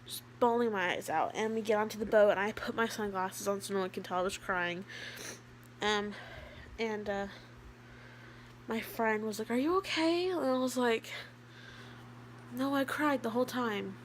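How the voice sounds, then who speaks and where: A teenage girl talking to camera in a casual vlog, rambling with lots of fillers and sometimes dropping to a soft, quiet voice. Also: medium pitch, normal speed, long pauses, slight background noise. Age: teens. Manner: chatty, rambling, with many fillers. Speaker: vlogger.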